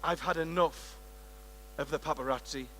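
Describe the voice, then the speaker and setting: A man putting on the voice of a suave, weary male film star, speaking low and hushed in a languid way. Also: fairly even intonation, normal speed. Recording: reverberant conference hall.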